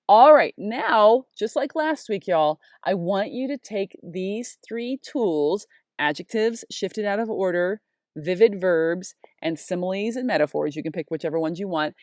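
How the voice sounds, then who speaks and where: A woman in her forties, a high school English teacher, giving an expressive, chatty video lesson and reading literary examples aloud. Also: dry recording, studio quality. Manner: expressive, gushing over sentences, chatty teacher tone.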